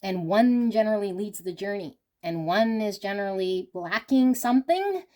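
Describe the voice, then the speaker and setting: A woman's voice: medium pitch, lively intonation, moderate pace, dark tone. A woman with an everyday mid-range voice gives an intuitive tarot reading. She speaks earnestly and repetitively, coaching her listener on love and energy and checking in often with "you know" and "okay?". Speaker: tarot reader.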